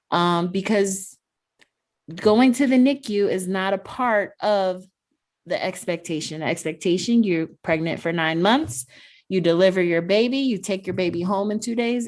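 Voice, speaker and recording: A woman's voice: medium pitch, a little slow, a little mellow. A woman sharing her experience as a parent in a podcast conversation, earnest and reflective. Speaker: guest, NICU parent.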